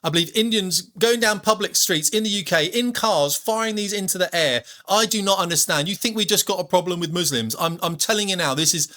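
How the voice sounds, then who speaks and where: A man's voice: high-pitched, a little fast, hardly any pauses, pushed and bright. A man hosting an opinionated commentary video, talking bluntly and casually and calling listeners "mate". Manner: blunt, colloquial, says "mate". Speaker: commentary channel host.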